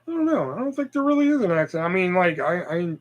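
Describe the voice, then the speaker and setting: A man in his thirties hosts a casual solo podcast, rambling and profane with lots of fillers and stutters. His voice is high and fast, with big pitch swings, and the sound is lo-fi.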